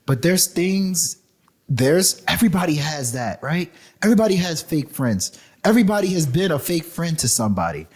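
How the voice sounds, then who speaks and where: A man with a husky, slightly raised voice talks on a casual podcast. His pitch swings widely as he makes his points emphatically, stumbling over repeated words when he gets heated. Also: sing-song, normal speed. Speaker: podcast co-host.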